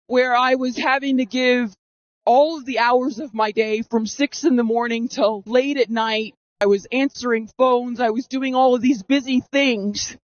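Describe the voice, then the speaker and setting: A woman's voice: a little high, dry recording. A woman around thirty telling her own story in earnest, dramatic fashion, re-enacting her past reactions, through a voice masking filter. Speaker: storyteller giving personal testimony. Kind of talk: first-person storytelling. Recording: dull, dry, masked voice recording.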